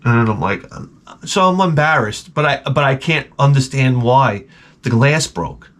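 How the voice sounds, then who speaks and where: A man vlogging in a casual, rambling storytelling way, sarcastic and sometimes loudly exasperated. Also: medium pitch, expressive, measured pace.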